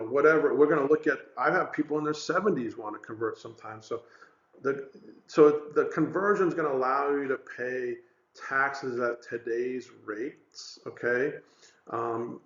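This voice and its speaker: A financial advisor man presents a webinar in a relaxed, conversational way, full of fillers and little stories. His voice sits at an ordinary pitch for a man. The sound is roomy and a little dull. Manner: conversational, animated storytelling with many fillers.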